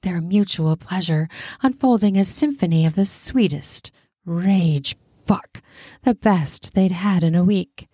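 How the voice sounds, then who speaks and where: A woman reads an adult story aloud in an unhurried, intimate way, lingering on each phrase. Her voice sits at an ordinary middle pitch and is recorded close and dry, with no room sound around it. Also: mellow, slightly rough, no room sound. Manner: slow, intimate reading. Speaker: narrator. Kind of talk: scripted erotic story narration.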